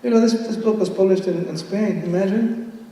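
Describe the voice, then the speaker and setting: Older man, fairly high voice, energetic poet leading a crowd, heard from far back in a reverberant auditorium. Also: normal speed, slight background noise. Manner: playful, switches between English and Spanish, reads with bursts of excitement. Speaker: poet reading to an audience. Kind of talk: live poetry reading with audience call-and-response. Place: large hall at a college event. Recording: echoey hall from far off, audience ambience.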